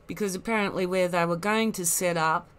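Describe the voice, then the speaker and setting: A woman's voice: lowish voice, steady tone, a little fast, fairly bright tone, clear, resonant tone. A woman giving rambling, critical commentary, full of asides and scorn. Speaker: online commentator.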